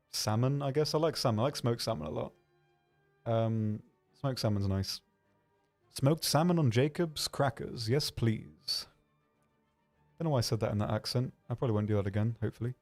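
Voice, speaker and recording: A man hosting a livestream, answering viewer questions in a hesitant, rambling way with dry, deadpan humor. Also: medium pitch. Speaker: livestream host.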